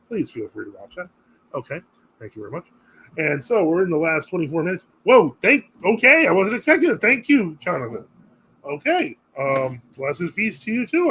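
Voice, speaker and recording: A man's voice: fairly high pitch, a little hiss or hum, rough recording. A man hosting a live Q&A stream, chatting casually and reacting to viewer comments as he reads them aloud. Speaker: host of a live religious Q&A stream.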